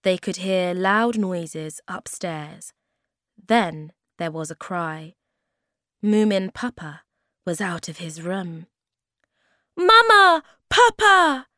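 A woman reading a children's story aloud at a slow, clear, even pace. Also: fairly low pitch, no room sound, studio quality.

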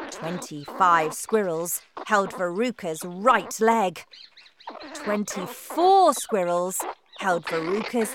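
A woman narrating a children's storybook in a slow, careful, expressive read. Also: mid-range voice, background noise.

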